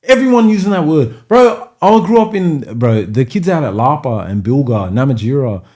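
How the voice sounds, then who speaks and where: A young Australian man with a Sydney accent, telling stories on a podcast in a casual, animated way, acting out other people's voices with plenty of slang. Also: mid-range voice, normal speed. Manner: animated storyteller, acts out voices, heavy slang and swearing. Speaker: podcast guest, DJ.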